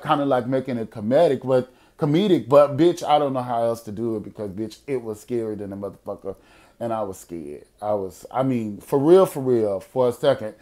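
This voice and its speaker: A young adult man hosting a podcast, telling a personal story in a casual, profane way, at times lively and at times quiet and serious. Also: medium pitch, fairly quick. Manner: profane, animated storyteller who drops to quiet, serious tones. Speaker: podcast host.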